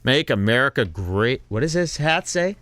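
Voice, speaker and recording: A man's voice: medium pitch, very animated, normal speed, a bit bright, dry recording. A man hosting a comedy podcast, reacting to clips aloud with sarcastic, mock-enthusiastic commentary. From Texas. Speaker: podcast host.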